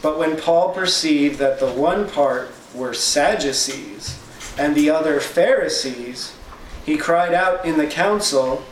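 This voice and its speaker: A man's voice: a little high, slow. A man teaching a casual Bible study, reading verses aloud and then paraphrasing them in plain, chatty terms. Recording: roomy echo, distant mic, faint noise.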